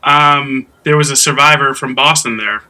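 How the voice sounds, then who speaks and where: A man hosting a casual podcast, animated, laughing often and acting out quotes loudly. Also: mid-range voice, moderate pace. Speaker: podcast host.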